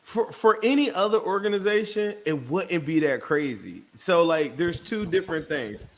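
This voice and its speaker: A man's voice: sits high, animated, normal speed. Laid-back man co-hosting a sports podcast. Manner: casual, laid-back slang. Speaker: podcast co-host. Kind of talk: live sports podcast chat.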